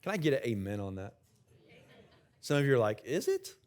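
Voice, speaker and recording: Brisk and expressive, this middle-aged senior pastor has a lowish, slightly mellow voice. He preaches conversationally in a church sanctuary, joking with the live congregation as he goes.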